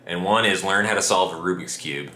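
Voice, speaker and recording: Low-voiced man, casual rambling. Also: a little fast. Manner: relaxed rambling with fillers and restarts. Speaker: vlog co-host. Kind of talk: casual chat. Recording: echoey room, faint noise.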